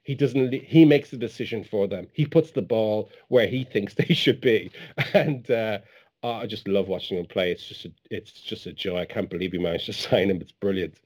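A man's voice: lowish voice, normal speed, darkish tone. A man talking football in a casual chat, enthusiastic and effusive.

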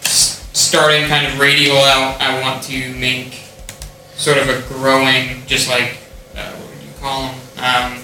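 A man's voice: medium pitch, completely flat delivery, measured pace, pushed and bright. A man playing a tabletop game, explaining his moves hesitantly with many fillers. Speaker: player. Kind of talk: casual tabletop play. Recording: echoey room with faint noise.

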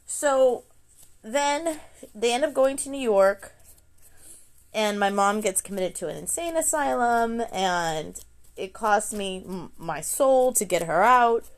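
Woman, mid pitch, personal storytelling monologue, blunt, profane, restarts and self-corrections. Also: animated, slow. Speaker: adult daughter sharing her story.

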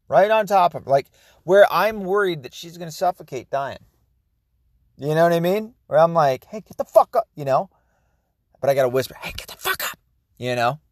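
A man's voice: on the high side, no room sound, studio quality. A man hosting his own podcast, talking in a rambling, profane, ranting monologue. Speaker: podcast host. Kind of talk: casual solo monologue.

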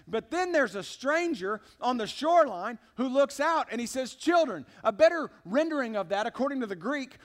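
A pastor with a high, fairly bright voice preaches a sermon during a church service. He speaks emphatically yet conversationally, addressing the congregation directly.

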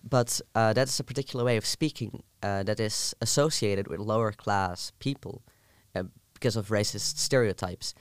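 A young man with a southern Dutch accent, talking through an idea in a relaxed chat. His voice sits on the low side and comes across clear and smooth. He pauses often with ums and starts over mid-sentence. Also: no room sound. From southern Netherlands. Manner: explains at length with many ums and restarts. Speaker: student. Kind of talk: casual chat.

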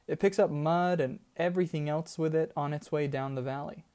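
A man's voice: a little high, fairly even intonation, brisk, warm tone, clean tone, close to an everyday voice. A man reading a story, voicing a practical, matter-of-fact woman guide in a slightly raised voice. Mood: animated. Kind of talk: audiobook character voice.

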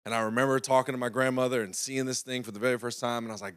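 A man's voice: medium pitch, steady tone, racing, a bit bright, smooth. Conversational preacher man telling a story. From North Carolina. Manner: conversational preaching, often asks "right?" to the congregation. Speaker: pastor. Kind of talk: sermon storytelling.

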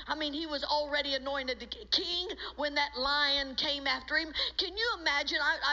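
Fervent woman pastor preaching, high and bright. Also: a little hiss or hum. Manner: fervent preaching, rising to shouts, tearful cries. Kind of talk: sermon. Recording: dull lo-fi sermon recording.

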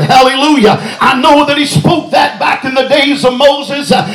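A man preaching a revival in a church, his voice pitched very high for a man. He shouts with fervor and fills the gaps with "uh" and "hallelujah," and the sanctuary rings with echo around him. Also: fairly even intonation, moderate pace, hardly any pauses, faint music behind. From Texas. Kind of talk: revival sermon.

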